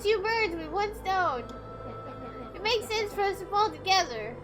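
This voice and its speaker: A woman's voice: very high voice, expressive, measured pace. A woman voicing a pompous, cruel old man villain, haughty and taunting, with music playing underneath. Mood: scornful.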